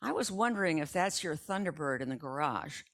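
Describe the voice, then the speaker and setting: A slick young salesman laying on the charm, smooth as syrup, as an older woman reads him. The voice stays low and easy, sliding from charm into formal pitch. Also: lively intonation, fairly quick, fairly bright tone.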